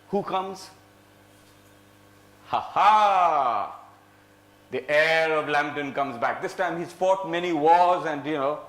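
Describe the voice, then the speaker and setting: A man telling a folk tale to a live audience with dramatic flair, swinging between loud and soft and leading the listeners in acting it out. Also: on the high side. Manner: dramatic, lively, shifts loud and soft, acts out lines; leads the audience in play. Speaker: storyteller. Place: indoor venue before a live audience. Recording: echoey room.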